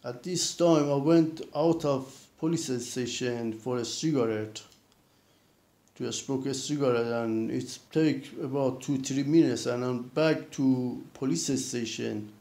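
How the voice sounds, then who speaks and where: A man recounting a personal experience in a halting way, with many restarts and repeated fillers. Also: mid-range voice, mellow. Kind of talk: casual spoken account. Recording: roomy echo.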